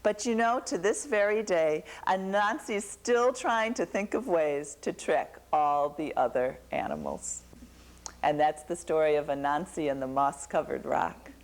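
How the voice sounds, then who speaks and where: A woman telling a folktale to a young audience, animated and asking them questions. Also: on the low side, unhurried, few pauses. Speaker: storyteller.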